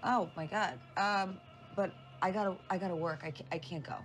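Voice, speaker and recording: A woman's voice: fairly low pitch, fairly even intonation, moderate pace, faint music behind, close to an everyday voice. An actress playing a hesitant, flustered young woman in a film scene, stammering as she turns down an offer. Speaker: film character.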